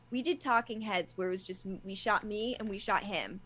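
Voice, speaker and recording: A woman's voice: mid-range voice, a little fast, few pauses, fairly bright tone. A young woman from England, a guest actress and producer, chatting casually on a live stream. She talks animatedly, acts out her own past conversations and often restarts her sentences.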